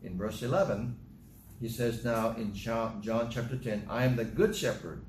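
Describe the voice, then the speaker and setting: A man's voice: moderate pace, darkish tone. A man preaching a sermon, reading scripture aloud and stressing key verses with rising emphasis. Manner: emphatic, rises in pitch on key scripture lines. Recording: echoey room with faint ambient noise.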